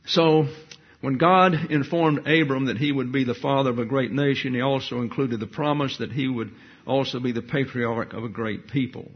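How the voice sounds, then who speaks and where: A man teaching a Bible study in sermon style, reading scripture aloud with deliberate emphasis. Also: mid-range voice, fairly even intonation, husky, muffled recording.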